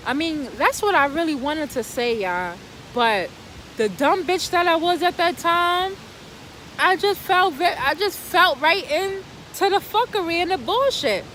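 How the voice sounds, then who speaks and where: High-voiced woman, telling a profane story. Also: a little hiss or hum. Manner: animated, profane, dramatic rhetorical questions. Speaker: vlogger telling a personal story. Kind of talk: casual storytime vlog.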